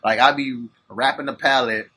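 A man's voice: mid-range voice, fairly even intonation, moderate pace, pushed and bright, slightly rough. A man hosting a podcast, talking in loose slangy banter and laughing often. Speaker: podcast host. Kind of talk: casual chat.

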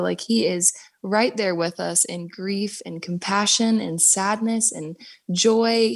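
A woman's voice: medium pitch, gravelly, no echo. A young woman, a worship leader, talking earnestly and reflectively about her faith in a podcast conversation. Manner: earnest, reflective, with soft laughs.

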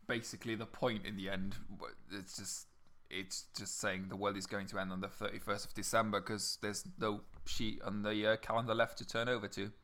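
A man's voice: lowish voice, little pitch movement, a little fast, hardly any pauses, a bit bright. A man co-hosting a casual podcast chat, speaking wryly with frequent stammered restarts. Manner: dry, wry, stammering restarts. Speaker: podcast co-host. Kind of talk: casual chat about Shakespeare's sonnets.

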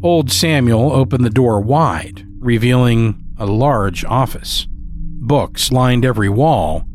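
A man narrating a dark, humorous story in a measured, descriptive way. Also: mid-range voice, animated, slight background noise. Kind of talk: scripted horror story narration.

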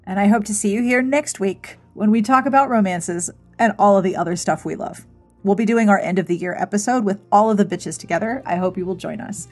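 Lady podcast host doing the outro, kinda husky, chatty and giggly, soft music under it. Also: medium pitch, brisk. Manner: chatty and giggly, easily amused. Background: faint music.

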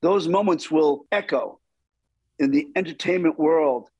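A middle-aged man, a stunt performer, telling stories in an interview with lively, acted-out dialogue. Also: a little high, measured pace, breathy edge, no room sound, lo-fi sound. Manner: animated, acts out quoted dialogue. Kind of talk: storytelling interview.

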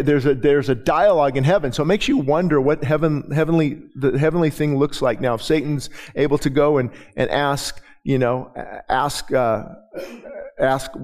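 A man's voice: mid-range voice, darkish tone. A middle-aged man preaching, telling stories in a loose conversational way with many restarts. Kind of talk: sermon.

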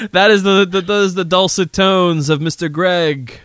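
A man's voice: sits high, fairly even intonation, measured pace, a bit bright, smooth, no room sound, studio quality. A man hosting a casual podcast panel chat, playful and fond of alliteration. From Providence, Rhode Island. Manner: playful, alliterative show intro. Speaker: host.

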